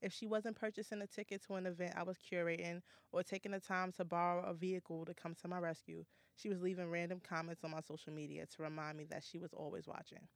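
A woman's voice: fairly low pitch, little pitch movement, fast, hardly any pauses, no echo. Woman reading a heartfelt tribute. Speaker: guest giving a tribute.

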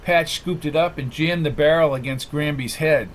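A man narrating an audiobook novel in a steady, measured way. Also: fairly high pitch, slight background noise.

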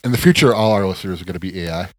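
A very low-pitched man rambles through a casual podcast chat. He rants with profane, animated emphasis. The sound is dry and close. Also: racing, no echo. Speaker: podcast co-host.

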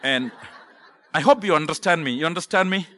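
Male preacher, Kerala accent, somewhat high voice, forceful and bright, earnest sermon delivery with frequent pauses. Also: expressive. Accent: South Indian, Kerala. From South India (Kerala). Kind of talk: sermon with personal testimony.

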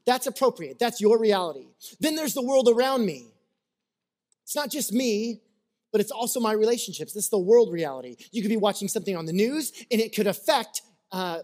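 A man's voice: sits high, a little mellow. A man preaching a sermon in a conversational, storytelling way, acting out little scenes and checking in with his listeners. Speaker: pastor.

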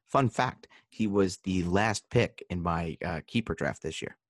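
A man co-hosting a casual fantasy football chat, giving numbers and making dry, deadpan jokes. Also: low-pitched, unhurried, dry recording. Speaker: podcast co-host.

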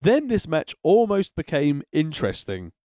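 A man co-hosting a wrestling podcast, full of dry wry jokes and hesitant pauses. His mid-pitched voice moves lively up and down. It is recorded close and dry. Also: no room sound. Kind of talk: casual chat.

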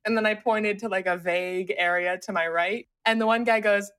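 Bright-voiced podcast lady chatting and telling stories, laughs a lot. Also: mid-range voice, brisk. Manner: animated, laughs often, acts out voices in anecdotes. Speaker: podcast co-host. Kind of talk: casual chat, storytelling.

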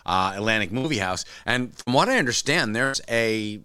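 A man's voice: mid-range voice, animated, moderate pace, bright, forceful tone, clean tone, dry recording. A man hosting a casual chat, who is jokey and effusive. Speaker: host.

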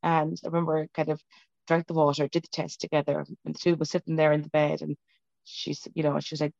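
A woman's voice: low voice, little pitch movement, fast, gravelly, darkish tone, no room sound, lo-fi sound. A woman, an interview guest, telling an emotional personal story in a rambling, self-interrupting way, speaking over a video call. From Ireland.

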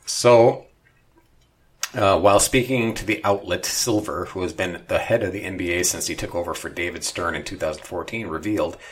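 Guy with a real low voice, reading news on a talk show, sarcastic asides. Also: moderate pace. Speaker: co-host. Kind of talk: news commentary and banter.

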